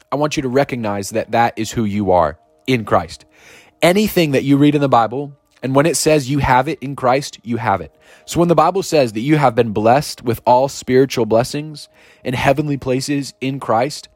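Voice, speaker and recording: Energetic man preaching over soft music. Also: mid-range voice, no room sound. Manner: energetic, exclaims and reads verses slowly and emphatically. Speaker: podcast preacher. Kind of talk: podcast sermon with scripture reading.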